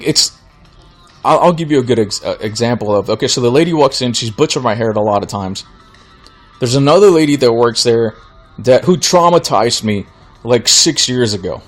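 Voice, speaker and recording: Rambling male podcast host with soft music. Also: medium pitch. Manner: rambling storyteller, many restarts, animated when retelling shock. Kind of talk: casual solo podcast rant.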